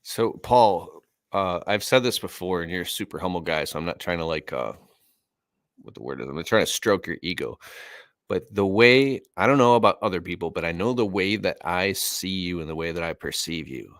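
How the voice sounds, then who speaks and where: A man with a very low voice hosts a casual interview, warm in his praise and eager in his questions. The sound is dry and close to the mic. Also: lively intonation, moderate pace, no echo. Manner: enthusiastic, complimentary, casual. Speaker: podcast host.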